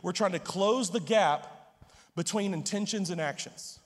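High-voiced pastor preaching in a reverberant hall. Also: male voice, a little slow. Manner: stammering restarts, joking asides. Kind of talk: sermon.

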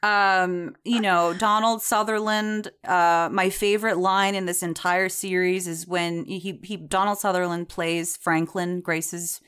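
A woman's voice: fairly low pitch, steady tone, unhurried, few pauses, fairly bright tone, clear, resonant tone. A woman co-hosting a podcast in casual chat, chatty and digressive, with many fillers and frequent laughter. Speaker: podcast co-host reviewing a TV series.

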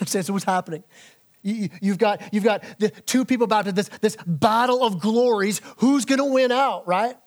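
A male pastor preaches an animated sermon, acting out biblical figures in casual modern speech and going low and slow on key lines.

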